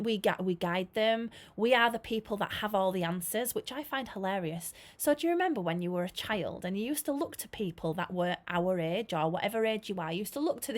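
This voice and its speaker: Earnest woman giving a chatty training talk. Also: mid-range voice. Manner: earnest, chatty, with frequent "you know" fillers and soft laughs. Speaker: early years trainer and teacher. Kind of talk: informal training talk to camera.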